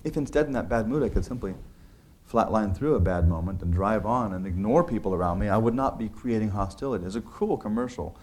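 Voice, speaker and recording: A man with a lowish, darkish voice talks at a quick pace about the ideas in his book. He's earnest and conversational, often restarting sentences and using filler words.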